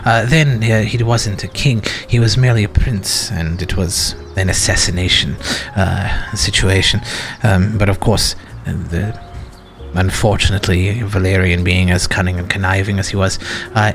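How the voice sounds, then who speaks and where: A man voicing an elderly gentleman schemer in a roleplay game, who talks in a slow, measured way with many hesitations. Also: deep voice, voice pushed down. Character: elderly gentleman schemer, calls others "my boy". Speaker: roleplay character. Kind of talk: in-character roleplay dialogue.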